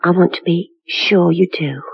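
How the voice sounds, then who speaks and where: A honeyed, scheming femme fatale. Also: female voice, lowish voice, fairly even intonation, moderate pace, gravelly, breathy edge, no echo, muffled recording, heavily acted.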